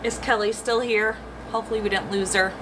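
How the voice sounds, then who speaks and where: A woman's voice: mid-range voice, steady tone, brisk, background noise. A woman talking casually on a phone livestream as a medium, chatty and laughing often, stopping to fix her phone. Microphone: phone on a tripod.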